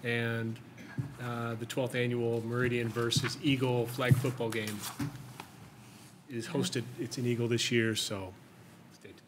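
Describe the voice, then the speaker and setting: A man's voice: medium pitch, level tone, a little slow, long pauses, noisy background. Easygoing man with a council update. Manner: easygoing, joking. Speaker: city council member. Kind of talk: casual meeting update.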